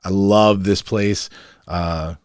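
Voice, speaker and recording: A man's voice: deep voice, fairly even intonation, slow pace, clean tone, no room sound, studio quality. A brash, emphatic middle-aged man, hosting a podcast in an opinionated monologue. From New York, Long Island. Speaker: podcast host.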